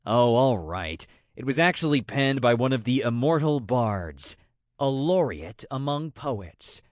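A man's voice: mid-range voice, big pitch swings, measured pace, dry recording. A male narrator voicing a bored, restless grown man who jokes wryly with his friends, close to his own voice. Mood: teasing.

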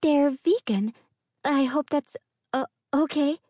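A woman's voice: sits high, slow, dark tone, no room sound, clean studio sound, voice pushed up. A woman voicing a timid young female creature with hooves and horns, who stammers nervously.

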